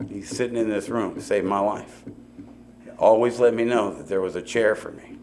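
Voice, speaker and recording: A man's voice: lowish voice, moderate pace, a little mellow, slight background noise. A middle-aged man speaking at a recovery meeting, telling his story in a loose, conversational way with many asides. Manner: conversational storytelling with asides and repeated "you know". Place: meeting hall before an audience.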